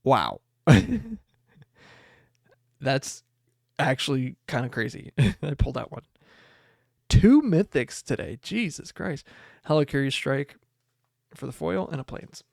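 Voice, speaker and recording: A young man hosting a podcast, chatting casually and excitedly as he opens card packs and reads the cards aloud. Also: medium pitch, unhurried, gravelly, pauses often, no room sound, studio quality. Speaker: podcast host. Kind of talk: casual card pack opening chat.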